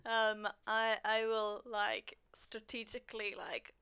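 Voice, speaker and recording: A woman's voice: a little high, little pitch movement, slow, pushed and bright, clean tone. A woman playing in a tabletop game, chatting in a playful, giggly way. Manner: giggly and playful, often laughing. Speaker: player. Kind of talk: casual tabletop game chat.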